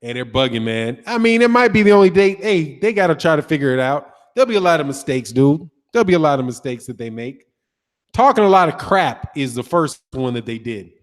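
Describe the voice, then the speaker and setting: A man's voice: a little high, very animated, a little fast, long reverb tail. A man hosting a casual boxing livestream, reading viewer comments, laughing often and throwing in slang like "dog" and "man". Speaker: boxing channel host.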